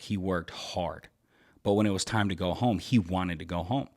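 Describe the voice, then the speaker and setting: A man in his thirties, a podcast host and army veteran, telling a story in a relaxed, rambling way with many fillers and restarts. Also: sits low. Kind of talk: casual storytelling.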